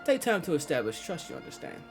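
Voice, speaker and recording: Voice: medium pitch, huge pitch swings, fast, vocal fry, over music. An actor playing a shrewd, cagey crystal merchant in a video game cutscene, talking in a sly, guarded way.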